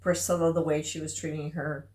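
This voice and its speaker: A woman's voice: low voice, level tone, brisk, darkish tone. Frank, emphatic woman in a roomy space. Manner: frank and emphatic, talks over her co-host. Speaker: podcast co-host; mother. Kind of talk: casual book discussion. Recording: roomy echo.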